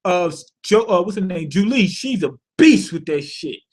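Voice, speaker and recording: A man's voice: high voice, moderate pace, breathy edge. Loose, profane man recapping an episode. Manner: loose and profane, heavy on slang and fillers; animated, thinks aloud with rhetorical questions. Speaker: cartoon episode reviewer. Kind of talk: casual spoken recap.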